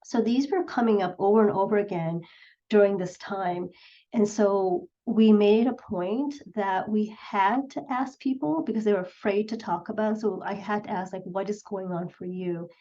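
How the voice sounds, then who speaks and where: A middle-aged woman psychologist giving an earnest presentation, retelling patient stories with quoted voices. Her voice sits at a middling pitch. The recording sounds slightly dull and lo-fi. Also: normal speed, warm tone. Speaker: clinical psychologist speaker. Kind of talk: presentation talk.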